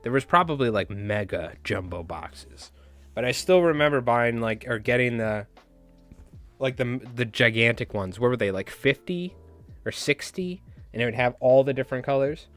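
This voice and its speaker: A man's voice: mid-range voice, expressive, normal speed, fairly bright tone, faint music behind. Joking man chatting on a live stream. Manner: joking, rambling, talks back to chat. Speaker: fly tying streamer. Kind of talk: casual live-stream chat.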